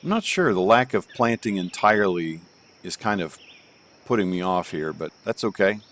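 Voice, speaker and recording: A man's voice: low voice, animated, moderate pace, a bit bright. A man streaming live, reviewing golf courses in a rambling, joking way from home and thinking aloud with plenty of fillers. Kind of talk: casual live game commentary.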